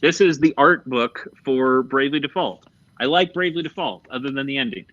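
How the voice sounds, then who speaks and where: A man's voice: medium pitch, brisk, a bit bright, dry recording. A man hosting a casual gaming podcast, speaking candidly, swearing freely and trailing off mid-thought. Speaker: podcast host. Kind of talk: casual chat about video games. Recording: dull, slightly lo-fi podcast audio.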